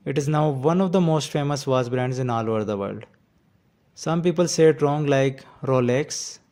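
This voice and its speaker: A man hosting a scripted pronunciation lesson, speaking with slow, careful enunciation. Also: fairly high pitch, mellow. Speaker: pronunciation teacher.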